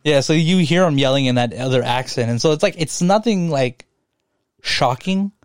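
A man's voice: mid-range voice, normal speed, no echo, studio quality. A young man co-hosting a podcast in casual chat, loose and profane, laughing often. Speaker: podcast co-host.

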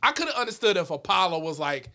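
A young man talks in loose, slangy podcast chat, circling back through fillers and asides. His voice sits high and bright. He sounds animated and easygoing. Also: quick pace. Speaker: podcast co-host. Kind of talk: casual chat.

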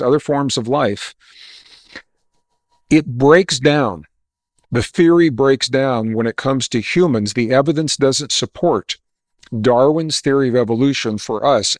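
A man's voice: medium pitch, no room sound. Emphatic man telling a story, dry sound. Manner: animated storyteller, emphatic and explanatory. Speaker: guest author and geologist. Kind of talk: storytelling interview answers.

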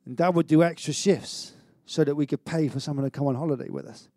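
Male pastor, middle-aged, chatty sermon with restarts and jokes, slightly high voice. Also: fast talker, no room sound, studio quality. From Wales. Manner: energetic, conversational preaching with stammered restarts and self-mocking humour.

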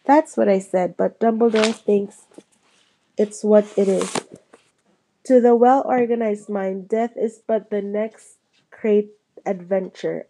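A woman voicing an excitable, blunt teenage boy wizard in a storybook reading, with an eager, chatty delivery. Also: medium pitch, takes it slowly, long pauses, slight background noise, rough recording. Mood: excited.

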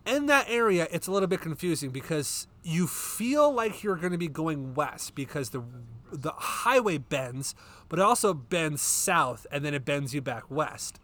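A man's voice: fairly high pitch, sing-song, normal speed, fairly bright tone. A man hosting a casual chat show with his wife, telling long rambling stories and swearing freely. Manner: rambling, profane storyteller. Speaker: podcast host.

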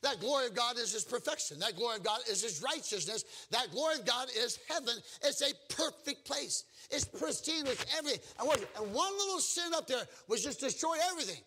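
A man preaching to his congregation, his voice pitched high and ringing bright. He keeps asking the people in the pews questions and spins down-home stories to drive each point home. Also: lively intonation, brisk, hardly any pauses, husky. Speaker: pastor. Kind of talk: evangelistic sermon with audience call-and-response.

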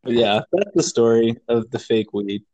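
A man's voice: medium pitch, normal speed. A young man casually telling a story to friends over a phone call, acting out what others said and laughing often. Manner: animated, acts out friends' lines, laughs often. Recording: phone call with faint noise.

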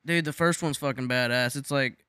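A man's voice: mid-range voice, a little fast, sharp tone, clear, resonant tone, no room sound. A young man telling a wild party story in casual chat. He swears a lot, laughs often and talks animatedly.

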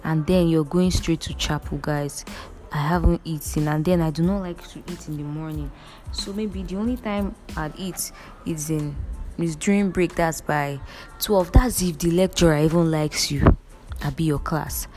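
A young Nigerian woman vlogging in a low, mellow voice, earnest and emphatic as she speaks straight to her viewers. Soft music plays faintly behind her. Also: normal speed. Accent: Nigerian English. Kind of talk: casual direct-to-camera storytelling.

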